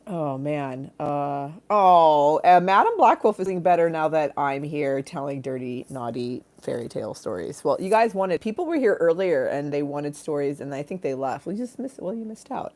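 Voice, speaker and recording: A woman's voice: deep voice, lively intonation, moderate pace, hardly any pauses, darkish tone. A young adult woman hosting a casual live stream, rambling with bawdy jokes and frequent giggles. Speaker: livestream host.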